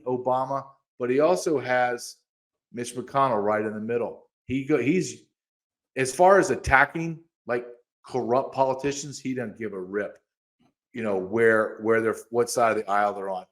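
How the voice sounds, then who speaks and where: Excitable man co-hosting a podcast. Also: mid-range voice. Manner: animated, quick to get excited, reads quotes aloud. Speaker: podcast co-host. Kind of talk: casual podcast chat.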